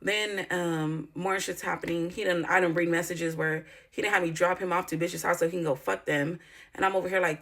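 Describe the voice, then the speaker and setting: A woman's voice: on the low side, fairly even intonation, a little fast, a bit bright. A woman telling a personal story in a candid vlog, blunt and profane, rambling with filler words and breaking into indignant outbursts. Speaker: YouTuber.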